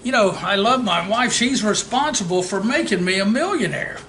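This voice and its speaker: High, bright-voiced man telling jokes. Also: expressive, normal speed, faint music behind. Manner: storytelling, jokey, talks to the room. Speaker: real estate trainer. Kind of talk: joke-filled seminar talk. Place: meeting room. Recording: echoey meeting room, faint ambience.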